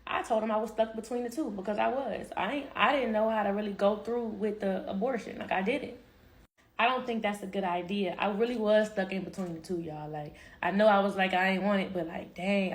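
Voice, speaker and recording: A young woman telling a personal story in casual vlog style, animated and acting out what people said. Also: medium pitch, brisk. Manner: animated, acts out quotes, laughs. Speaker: vlogger.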